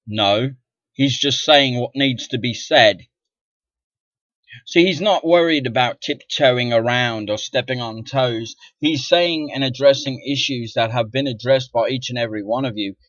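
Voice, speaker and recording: An indignant middle-aged man rants into the camera, cursing freely and swinging between low muttering and loud outbursts. His voice sits at an ordinary pitch. The recording is dull and lo-fi, with a dry, close sound. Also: dry recording. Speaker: vlogger. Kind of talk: ranting monologue to camera.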